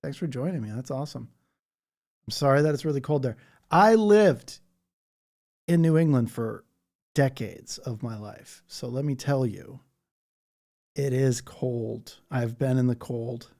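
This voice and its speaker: Warm in tone and medium in pitch, a man chats his way through a casual livestream at a measured pace, pausing often. He wanders from topic to topic and reads viewers' comments out loud.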